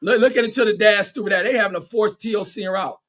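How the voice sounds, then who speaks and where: A man giving excitable, profane fan play-by-play of a boxing match on a livestream, cheering one fighter on and reading viewer chat aloud. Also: high voice, fast talker.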